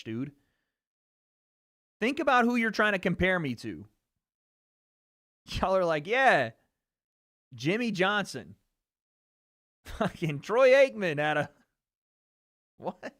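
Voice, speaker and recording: A man with a high, somewhat bright voice hosts a laid-back livestream, bragging animatedly and swearing freely in a light Southern American accent.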